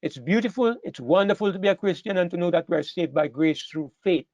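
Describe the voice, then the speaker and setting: A man's voice: high-pitched, quick pace, darkish tone, no echo, lo-fi sound. A man preaching a sermon to a congregation, earnest and emphatic, repeating phrases as he builds to stressed points. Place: church hall with a live congregation.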